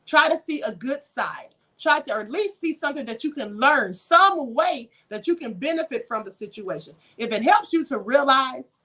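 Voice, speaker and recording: High-voiced woman teaching on a livestream. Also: animated, normal speed, few pauses, bright, forceful tone. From Kentucky, US (raised). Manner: preachy, conversational lecturing with rhetorical questions. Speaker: spiritual livestream host. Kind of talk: live-stream teaching, reading chat comments.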